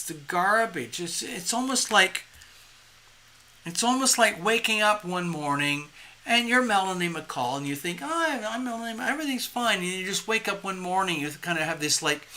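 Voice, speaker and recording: Slight background noise sits under this live tarot reading, delivered in a mid-range voice. The reader talks in a rambling, animated way, performing the inner voices described and laughing at their own humor.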